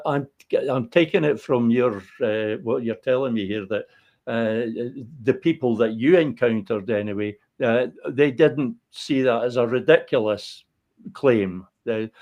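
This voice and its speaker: A man from Fife in Scotland interviewing a guest, speaking in a measured way with frequent hesitations. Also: medium pitch, a little mellow. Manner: measured, many "uh" fillers. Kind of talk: interview questions.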